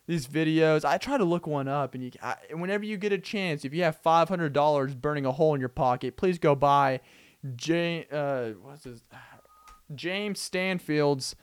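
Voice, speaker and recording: A man's voice: fairly high pitch, normal speed, clear, resonant tone. A young man hosting a casual solo podcast, rambling animatedly and acting out scenes with frequent laughs. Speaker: podcast host.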